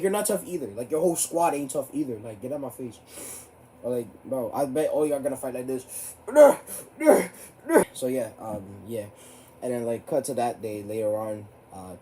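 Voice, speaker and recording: A teenage boy telling a story to camera in a rambling, profane way. His voice jumps high when he gets riled up. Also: dark tone, slight background noise. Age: teens. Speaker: vlogger.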